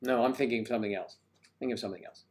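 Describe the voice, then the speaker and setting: A man's voice: medium pitch, rapid-fire, a little mellow. Older man rambling through a live chat. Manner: rambling and joking, with frequent throat clearing. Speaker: host of a livestream. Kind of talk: casual live chat reading viewer comments.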